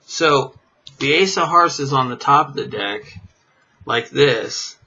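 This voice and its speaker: A man's voice: mid-range voice, animated, slow pace, sharp tone, husky. A man teaching a card trick in a casual, rambling way, full of fillers and chuckling at himself. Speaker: magic teacher. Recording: dull lo-fi camera audio.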